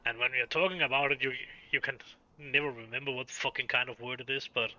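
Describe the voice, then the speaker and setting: A man's voice: medium pitch, steady tone, fast talker, sharp tone, dry recording, muffled recording. A male game streamer with a Danish accent, a native Danish speaker chatting casually on a live stream, swearing freely and often stopping to restart his sentences.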